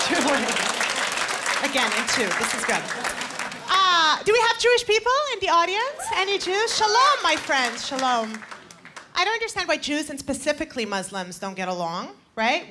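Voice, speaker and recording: A woman in her twenties performing stand-up comedy with punchy, playful crowd work on a live stage. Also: sits high. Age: 20s. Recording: live stage mic over loud crowd noise.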